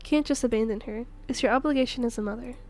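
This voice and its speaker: A woman's voice: on the high side, quick pace, darkish tone, slight background noise, natural voice. A woman reading the lines of an earnest, impulsive young male agent in a game, moralizing and insistent.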